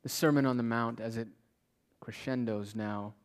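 A man preaching a sermon with passion, repeating phrases for emphasis and swinging between loud declarations and hushed whispers. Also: medium pitch, steady tone, normal speed, clear, resonant tone. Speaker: pastor.

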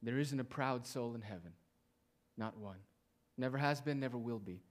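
A male preacher delivering a sermon, drawing out quiet phrases slowly and then rising to loud, emphatic declarations. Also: medium pitch. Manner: swings between hushed, drawn-out phrases and loud emphatic declarations.

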